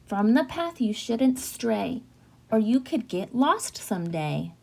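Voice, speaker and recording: A caring storybook mother, voiced by a woman reader recites slow, singsong warnings. The voice is mellow and slightly husky, with a lilting rise and fall. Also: on the high side, sing-song, exaggerated voice, poor audio. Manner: slow, gentle, singsong rhymes.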